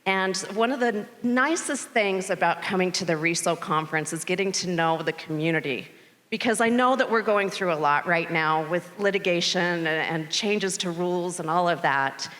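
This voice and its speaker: A middle-aged woman addresses a conference audience from the stage, recounting an anecdote in a chatty, animated way. Her voice sits a little low for a woman. A long reverb from the big hall trails each phrase. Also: moderate pace. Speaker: board chair giving a welcome speech. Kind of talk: conference keynote remarks. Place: large conference venue stage.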